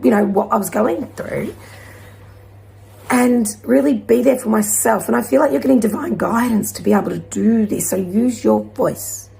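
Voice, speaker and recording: A woman giving a gentle, encouraging spiritual card reading to her viewers, rambling at times. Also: fairly high pitch, moderate pace, gravelly, a little hiss or hum. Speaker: intuitive card reader.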